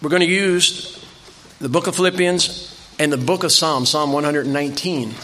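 A man's voice: a little high, moderate pace, pushed and bright, slight background noise. An older man preaching a sermon in a church, telling folksy stories and repeating phrases for emphasis. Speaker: visiting preacher.

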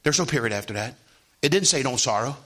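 A man preaching a sermon, often asking the congregation "Amen?" and swinging from hushed tones to loud rising calls. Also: mid-range voice, animated, quick pace. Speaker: pastor.

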